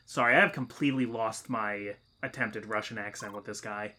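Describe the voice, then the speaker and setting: A man's voice: lowish voice, brisk, hardly any pauses, sharp tone, slight background noise. A man hosting a let's play, chatting casually and rambling with lots of fillers and restarts. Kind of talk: casual gameplay commentary.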